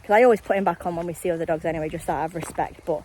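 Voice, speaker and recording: Young woman vlogger, lowish voice, breathless walk-and-talk, faint outdoor ambience. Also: racing, warm tone, slight background noise, poor audio. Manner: rambling, friendly, talks to viewers directly. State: slightly out of breath. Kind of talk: casual chatty vlog while walking.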